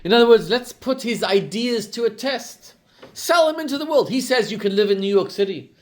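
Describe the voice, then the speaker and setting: A man, a rabbi giving a storytelling sermon who acts out the quotes with lively rises in pitch and volume. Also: moderate pace.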